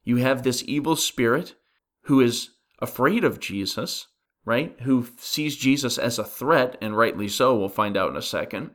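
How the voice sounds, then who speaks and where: A man's voice: medium pitch, lively intonation, a little slow, a bit bright. Man preaching in a conversational way. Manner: earnest, asks the listeners rhetorical questions; frequent restarts while thinking aloud. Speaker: pastor. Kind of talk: conversational sermon on a Bible passage.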